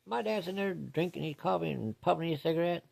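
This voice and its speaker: A man's voice: on the high side, fairly quick, vocal fry, darkish tone. A man telling a personal ghost story from his childhood in a folksy, plain-spoken way with casual swearing.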